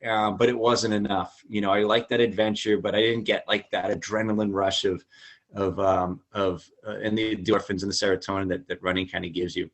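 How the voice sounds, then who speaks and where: A middle-aged man with a low voice tells a personal story as a podcast guest. His speech is loose and chatty, full of fillers and restarts, and he jumps up into lively quoted voices when he acts out what people said. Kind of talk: casual storytelling.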